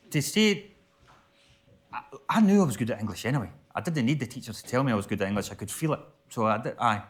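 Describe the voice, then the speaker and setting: A man with a Stirlingshire Scottish accent, a poet answering audience questions at a live book festival, rambling with restarts. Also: mid-range voice. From Stirlingshire, Scotland. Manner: rambling, repeats and restarts, chatty. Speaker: guest poet.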